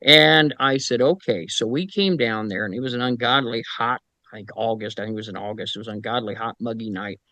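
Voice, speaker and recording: A man's voice: medium pitch, brisk, few pauses, no room sound. A middle-aged man who investigates the paranormal, telling stories in casual chat and acting out the voices of people he quotes. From Indiana, US. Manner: animated anecdotes, acts out quoted voices; frequent fillers and restarts. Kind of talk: casual storytelling.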